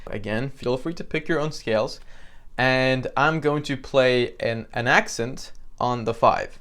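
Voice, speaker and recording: A man teaching piano in a relaxed, conversational way with frequent fillers, counting beats aloud. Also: mid-range voice, a little slow. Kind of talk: instructional tutorial. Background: piano playing between phrases.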